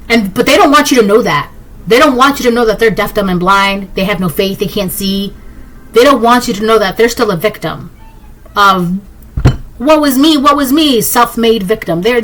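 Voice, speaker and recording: A woman's voice: on the high side, a bit bright, low-quality recording. A woman giving a collective tarot reading, blunt and emphatic, repeating herself and talking straight to the viewer. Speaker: tarot reader.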